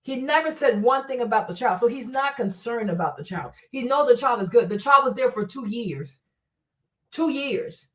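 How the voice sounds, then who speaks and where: A woman hosting a livestream, giving blunt, animated commentary full of rhetorical questions. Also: a little high, moderate pace, distant mic. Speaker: livestream host.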